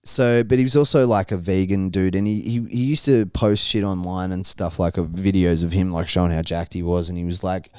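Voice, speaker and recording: A young man with a smooth, clear voice, telling a story in casual podcast banter. He swears freely, laughs often, and keeps his tone easy and crude. The sound is close and dry. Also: low voice, brisk, hardly any pauses, darkish tone, no room sound. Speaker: podcast co-host.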